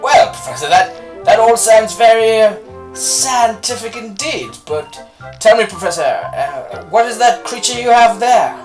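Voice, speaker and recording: A man's voice: high voice, expressive, measured pace, far from the mic, faint music behind. A man voicing a prim male British professor who asks fussy, mock-proper questions.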